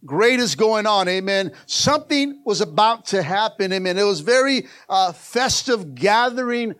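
A man's voice: high voice, lively intonation, normal speed, fairly bright tone. A male pastor preaching a sermon in a church, fervently urging the congregation to answer back with repeated calls. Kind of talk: sermon with call-and-response. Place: church sanctuary.

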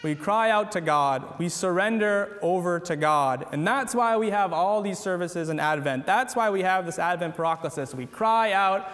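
A man delivers an earnest church sermon in a noticeably high voice. He drives his points home with short, repeated phrases. The sound carries a long reverb from a large hall. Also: lively intonation, moderate pace, hardly any pauses, a bit bright. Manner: earnest, repetitive exhortation. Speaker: preacher.

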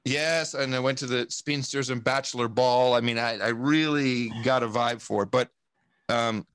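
A man from the United States, a podcast guest talking in a rambling, profane, animated way with many restarts. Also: medium pitch, moderate pace, clean tone, no echo, studio quality. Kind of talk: casual podcast conversation.

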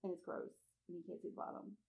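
A woman co-hosting a casual chat who reacts to stories with quick asides and frequent laughter. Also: a little mellow.

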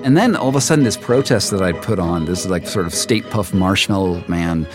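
A man telling his own story in the first person, halting and full of restarts and repeats. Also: sits low, lively intonation, music in the background. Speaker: storyteller guest.

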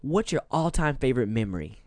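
A man's voice: medium pitch, very animated, fairly quick, no room sound. A man with features, interviewing a guest in a playful, teasing podcast chat. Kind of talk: casual chat.

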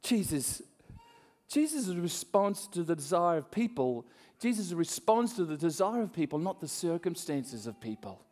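Here the preacher's pitch is fairly high and his pace moderate. He tells an animated story from the pulpit, acting out voices and laughing often, while the hall adds a long reverb.

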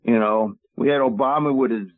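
A man's voice: medium pitch, a little fast, no echo. A male caller phoning in to a talk show, his voice squeezed into a thin, dry phone line. He talks emphatically and indignantly, rambling from point to point. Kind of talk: call-in radio talk.

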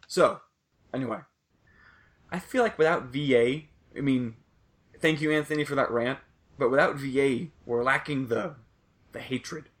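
A man's voice: medium pitch, unhurried, long pauses. A young man hosting a casual sports podcast, rambling loosely and swearing now and then. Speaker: podcast host.

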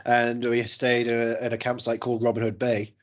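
A man's voice: medium pitch, completely flat delivery, brisk, highs cut off. A man co-hosting a podcast in casual chat, joking and rambling and swearing freely. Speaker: podcast co-host.

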